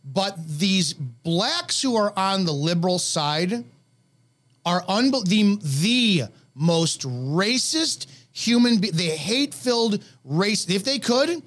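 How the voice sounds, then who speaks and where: A man's voice: high-pitched, expressive, slow pace, fairly bright tone. A man co-hosting a radio talk show, ranting bluntly and heatedly with plenty of profanity.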